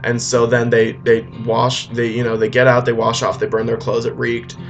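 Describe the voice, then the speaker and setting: A man retelling a film as a rambling comedy story, full of deadpan asides and fillers. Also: mid-range voice, normal speed. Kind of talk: comic retelling over music. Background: faint guitar music.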